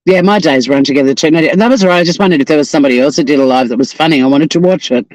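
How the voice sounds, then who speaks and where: A man's voice: on the high side, very animated, brisk, darkish tone, no echo, poor audio. A man with an Australian accent, from Tasmania, hosting a casual live stream outdoors on the coast, profane and joking as he chats. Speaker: livestream host.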